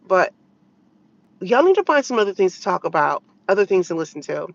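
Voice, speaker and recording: A woman's voice: brisk, creaky, highs cut off. A woman vlogging her opinions, telling a story in a blunt, exasperated way and acting out her own retorts. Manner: animated storytelling, quoting her own retorts with sharp pitch jumps. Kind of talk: opinionated commentary vlog.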